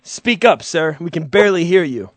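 A man's voice: fairly high pitch, expressive, normal speed. A man hosting a casual comedy chat, teasing his guests and laughing often. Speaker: host.

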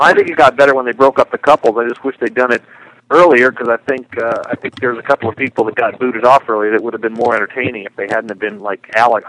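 Man, radio caller on the phone, relaxed chatter, quick pace, mid-range voice. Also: medium pitch, rough recording. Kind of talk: phone-in chat. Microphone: phone line.

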